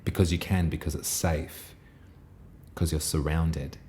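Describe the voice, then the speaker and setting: A man with a very low voice gives a gentle tarot reading, speaking in a soft, reassuring way. He meanders through his thoughts, trailing off and restarting phrases with long pauses. A faint hiss of ambience sits behind him. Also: steady tone. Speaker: tarot reader. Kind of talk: intuitive tarot reading monologue.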